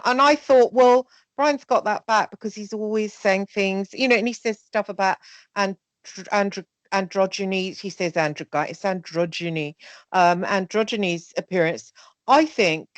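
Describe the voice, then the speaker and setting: Woman, candid conversational guest, animated, quotes people in put-on voices, dry recording. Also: medium pitch, moderate pace, dry recording.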